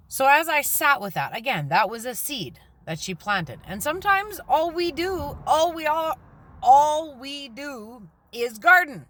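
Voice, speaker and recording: A woman giving a rambling, earnest spiritual talk while parked in her car beside a busy highway. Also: a bit bright. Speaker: spiritual vlogger. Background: traffic noise.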